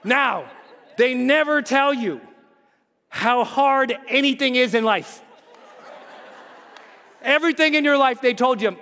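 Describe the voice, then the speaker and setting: A man's voice: extremely high pitch, takes it slowly, pauses often, clean tone. A man giving a motivational keynote, telling a story with energy and acting out voices and screams. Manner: animated, acts out voices and screams. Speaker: motivational speaker. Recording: live hall reverb, faint noise.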